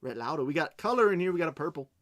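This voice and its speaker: A man's voice: a little high, sing-song, a bit bright, slight background noise. Chatty man opening cards live. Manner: chatty and unhurried, reading out names as he goes; playful self-mocking asides. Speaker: card break host. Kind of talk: casual live card-opening commentary.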